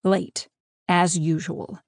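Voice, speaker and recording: A woman's voice: on the low side, flat delivery, slow, dry recording, studio quality. A woman voicing a stern, commanding male pack leader who speaks stiffly and in clipped phrases.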